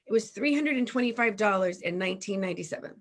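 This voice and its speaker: A middle-aged woman from Texas, a guest telling a personal story in an emotional, animated and candid way. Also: medium pitch, quick pace.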